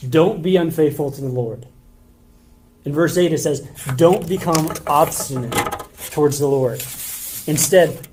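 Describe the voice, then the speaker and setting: Reading scripture aloud in church, this pastor unpacks it in a loose, conversational manner sprinkled with casual fillers. His voice is a little high with a darkish tone, captured in poor audio.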